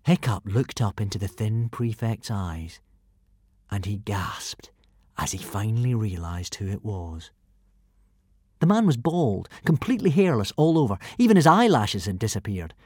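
A man narrating a children's adventure audiobook in an expressive, animated reading. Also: on the low side, a little slow, slightly rough, dry recording, studio quality. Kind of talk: storybook narration.

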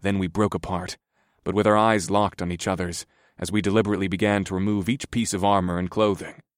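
A male narrator reading a first-person fantasy audiobook, steady and even in his storytelling. His voice sits low, and the recording is close and dry, with no room sound. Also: a little fast, dry recording.

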